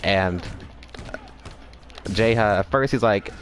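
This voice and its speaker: A man's voice: on the low side, slow, fairly bright tone, faint music behind. A man casually recapping a story, rambling with restarts and acting out the characters' lines.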